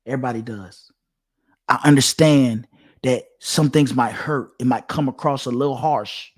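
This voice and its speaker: A man's voice: medium pitch, moderate pace, breathy edge. A man giving a preachy direct-to-camera monologue, emphatic and repetitive, with a sermon-like cadence. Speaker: online commentator.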